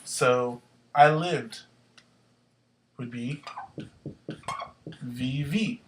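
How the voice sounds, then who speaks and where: A man's voice: mid-range voice, unhurried, a bit bright, low-quality recording. A young man hosting a casual language tutorial, explaining step by step and spelling out word endings letter by letter. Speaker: host, Spanish tutor. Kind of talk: casual whiteboard lesson.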